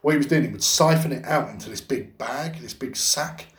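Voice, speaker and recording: A man's voice: mid-range voice, a little fast, reverberant. Sweary guy telling a story. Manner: swears a lot, animated storytelling with acted-out quotes. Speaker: podcast co-host. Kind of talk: casual storytelling chat.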